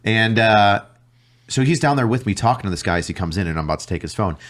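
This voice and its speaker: A man's voice: lowish voice, quick pace. A man, a detective guest on a podcast, telling a work story casually, swearing and acting out both sides of conversations. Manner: animated, swears a lot, acts out dialogue in varied voices.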